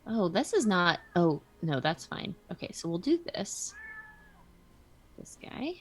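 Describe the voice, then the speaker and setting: A woman streaming a card game, chatting casually and telling stories in an animated way. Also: on the low side, normal speed. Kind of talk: casual chat while gaming.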